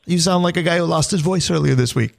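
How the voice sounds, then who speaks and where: Radio sports host guy, kinda high voice, upbeat casual chat. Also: quick pace, vocal fry.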